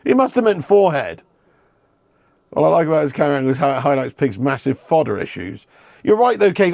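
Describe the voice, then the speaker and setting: A man's voice: a little high, very animated, a little fast, gravelly, darkish tone, no echo, clean studio sound. A man hosting a live football watch-along, chatting with viewers, swearing and laughing as he reads their messages. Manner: banters with chat, swears, laughs often. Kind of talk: casual live-stream chat.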